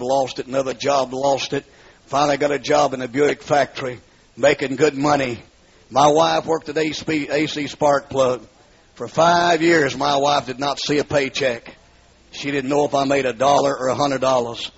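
A man from the southern United States preaches his life testimony as a story, acting out the dialogue and rising into pleading cries. His mid-range voice shows little pitch movement, and he speaks at normal speed. The recording is muffled, husky and lo-fi.

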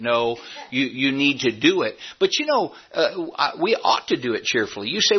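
A man with a husky voice preaches to his congregation in a folksy, joking manner, lifting his voice high on points he wants to land. The recording is dull and lo-fi, as if taped from the church sound system. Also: lively intonation, a little fast, few pauses. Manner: folksy preaching with rising emphatic peaks and humor. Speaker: pastor. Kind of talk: sermon. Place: church sanctuary.

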